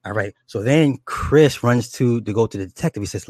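A man recounting a horror film's plot in an excited, swearing, rambling way, stumbling over restarts as he goes. His voice sits at an ordinary middle pitch, and the recording is dry and close, with no room sound. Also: a little fast, few pauses, dry recording. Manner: animated and profane, with many restarts and acted quotes. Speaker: storyteller recounting a horror movie. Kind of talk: casual rambling plot retelling.

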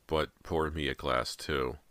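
Guy doing a tired teen girl, super low, dry. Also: fairly even intonation, measured pace, bright, forceful tone, dry recording, exaggerated voice. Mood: weary. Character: weary, blunt teenage sister.

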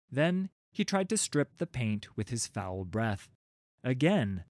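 A man's voice: medium pitch, sing-song, slow, a little mellow, dry recording, studio quality. A man narrating a children's storybook, with wry, playful asides to his listeners.

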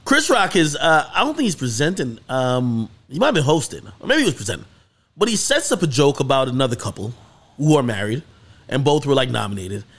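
A man hosting a podcast, telling a story in casual chat with lots of swearing and excited peaks. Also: medium pitch, a little fast. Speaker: podcast host.

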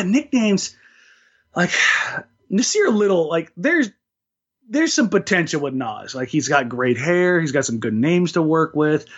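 Husky-voiced man in casual sports chat. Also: on the high side. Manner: talkative, jokey, frequent restarts. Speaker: podcast co-host. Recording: dull lo-fi sound.

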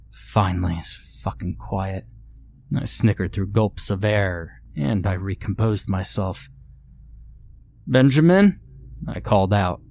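Low, slow-spoken male horror narrator. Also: a little mellow. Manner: measured, brooding delivery. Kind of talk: scripted horror story narration.

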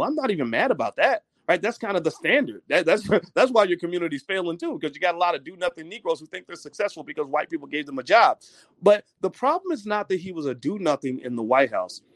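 A male commentator delivering a heated, profane opinion monologue with animated delivery. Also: fairly high pitch, dry recording.

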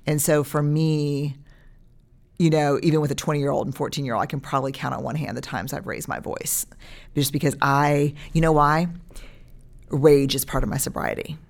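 A woman's voice: sits low, steady tone, normal speed. A woman in her forties, a guest in a casual podcast chat, who acts out what she says to her children.

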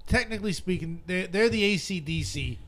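A man's voice: high-pitched, fairly quick, a bit bright, a little hiss or hum. A man co-hosting a casual music chat, rambling and joking as he talks.

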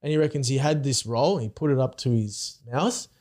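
A man's voice: mid-range voice, brisk, darkish tone. A man, a restaurant cook, telling a story in casual chat with many restarts. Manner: stumbling, restarts often.

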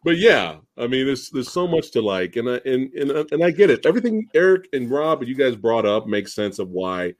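A man hosting a podcast, chatting casually and excitedly about a movie, swearing freely and restarting his sentences. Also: mid-range voice, brisk, hardly any pauses. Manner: excited, profane, lots of fillers and restarts. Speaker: podcast host. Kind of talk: casual chat.

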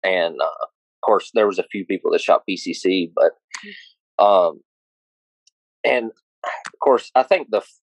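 A man, a range officer, talking in a halting, casual way with many fillers. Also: sits low, no echo, low-quality recording. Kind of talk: casual chat.

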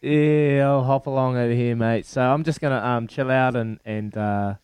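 A man's voice: mid-range voice, moderate pace, a little mellow, clear, resonant tone, no echo. A man in his thirties with a New Zealand accent, chatting casually as a radio guest, laid-back and laughing as he tells stories. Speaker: radio guest, former rugby player. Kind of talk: casual chat.

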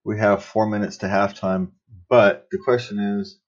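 An older man hosting a podcast, chatting casually and rambling a bit, with a husky voice. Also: lowish voice, steady tone, moderate pace, muffled recording. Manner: rambling, chuckles often. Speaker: podcast host.

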